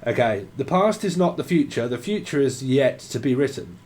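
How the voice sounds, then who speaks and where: This tarot reader is very animated, with a mid-range, slightly mellow voice at a moderate pace. He rambles through free associations of names and words, swears, and breaks into snatches of songs now and then.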